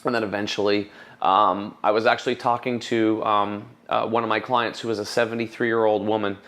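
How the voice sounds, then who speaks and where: A man in his thirties telling his story in an interview, passionate and quick to act out what people said. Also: fairly low pitch, flat delivery, a bit bright. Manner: passionate, restarts often, quotes people in raised voice. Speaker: supplement formulator, guest.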